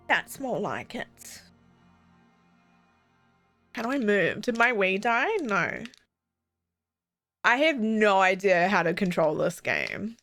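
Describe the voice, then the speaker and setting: A woman's voice: medium pitch, slow pace, pauses often, faint music behind. A young woman streaming a video game, chatting casually and animatedly with her viewers. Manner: chatty, animated, swears and laughs often. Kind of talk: casual live-stream commentary.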